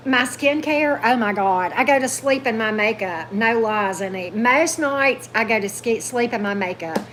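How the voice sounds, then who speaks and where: A woman hosting a casual livestream, gushing, animated, and answering viewer comments. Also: on the high side, normal speed, a little hiss or hum. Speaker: tarot channel host.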